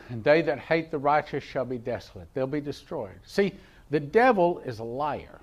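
A male pastor preaching a sermon, reading scripture aloud and moving between emphatic declarations and quiet asides. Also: medium pitch, lively intonation, normal speed, highs cut off. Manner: reads King James verses aloud.

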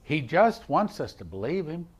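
A man with a somewhat high voice preaches a church sermon. He reads scripture with rising force, then drops to near-quiet asides to drive a point home. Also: sing-song, normal speed, breathy edge. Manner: swings between loud emphatic scripture reading and quiet asides; reads King James verses aloud. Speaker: pastor.

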